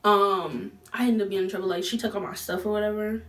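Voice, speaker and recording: Slangy, animated young woman, slightly distant mic. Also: fast talker. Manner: animated, slangy, acts out quoted lines with big pitch jumps. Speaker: vlogger. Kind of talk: casual storytime.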